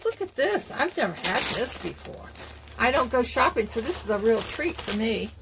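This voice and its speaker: Older woman craft vlogger, gravelly, unhurried and chatty, faint background hiss. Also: fairly high pitch, expressive. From Florida. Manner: chatty, gushing, many ums. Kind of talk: casual unboxing chat. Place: home sewing table.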